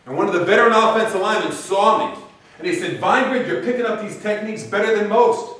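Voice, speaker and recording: A middle-aged man giving a graduation speech, an animated storyteller who acts out the people he quotes. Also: high voice, fast talker. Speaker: commencement speaker. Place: large event hall. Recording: echoey hall, voice from far off.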